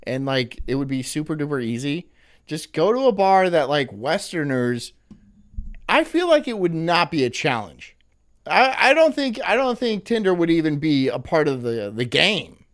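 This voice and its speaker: A man's voice: fairly high pitch, big pitch swings, moderate pace. A man hosting a casual stream, rambling, sarcastic and laughing often as he reacts to a clip. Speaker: streamer host.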